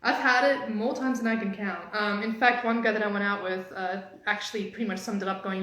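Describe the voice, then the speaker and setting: A woman dating coach gives an energetic, teasing motivational talk on a live stream, her pitch changing quickly. The room she's in is very echoey.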